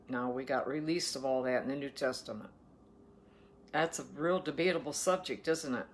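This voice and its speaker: A woman's voice: deep voice, moderate pace, fairly bright tone. A woman from Ohio, reading the Bible aloud and breaking off for chatty, folksy asides and questions to her listeners. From Ohio, USA. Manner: chatty, asks listeners playful questions between verses. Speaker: daily Bible reader and host.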